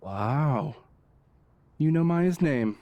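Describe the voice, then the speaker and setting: A smug, theatrical young assistant. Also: male voice, fairly high pitch, expressive, extremely slow, warm tone, no room sound. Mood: smug teasing.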